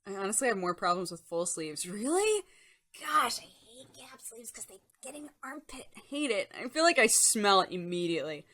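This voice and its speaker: A woman's voice: mid-range voice, big pitch swings, normal speed, fairly bright tone. A young woman hosting a casual live-stream chat show, reading and answering chat in a chatty, giggly way. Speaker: streamer host.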